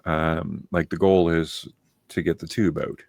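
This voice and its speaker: A man's voice: rumbling low, a little slow, vocal fry, dry recording, studio quality. A man, hosting a podcast and telling a story in casual chat, blunt and full of swearing. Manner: blunt and profane, animated storyteller. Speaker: podcast host.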